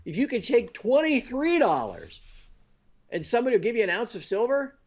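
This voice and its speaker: A man's voice: very high voice, big pitch swings, brisk, dull audio. A man being interviewed, explaining finance step by step and often checking in with "you know" and "okay?". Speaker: guest. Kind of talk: conversational interview.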